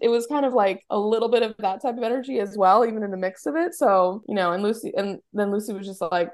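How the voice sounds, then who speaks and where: An American woman co-hosting a podcast, chatting casually and retelling a TV episode with lots of fillers. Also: mid-range voice. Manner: fast, chatty, full of fillers and lively retellings. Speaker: podcast co-host. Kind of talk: casual chat recapping a TV episode.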